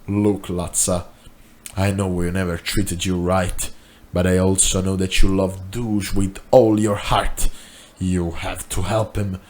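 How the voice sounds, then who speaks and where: A man's voice: level tone, slow. A man doing a desperate, pleading caller. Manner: pleading, low and quiet.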